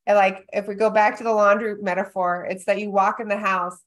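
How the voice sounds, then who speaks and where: Animated woman acting out little scenes. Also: medium pitch, brisk. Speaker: co-host coaching a therapist. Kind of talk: coaching conversation.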